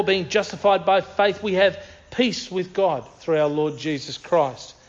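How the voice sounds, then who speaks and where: Male preacher, earnest and emphatic, reads scripture, slightly high voice, dull recording. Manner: earnest, emphatic, repeats key phrases. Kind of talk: sermon with scripture reading.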